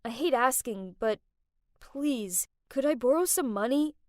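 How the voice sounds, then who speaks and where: A woman voicing a young man who speaks haltingly and hesitantly in an animated story. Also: sits high, dry recording, studio quality. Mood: sheepish.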